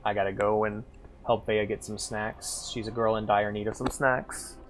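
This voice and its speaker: A man streaming a game and chatting casually, loud and animated, swearing and laughing as he plays. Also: on the low side, normal speed, a little hiss or hum. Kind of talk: casual gaming stream chat.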